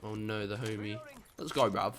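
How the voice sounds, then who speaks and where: A man's voice: high voice, huge pitch swings, moderate pace, noisy background, voice pushed up. A young man putting on a playful mock British-style accent while calling out plays during a live match. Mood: excited. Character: cocky young male British-style gamer. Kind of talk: live gameplay chatter.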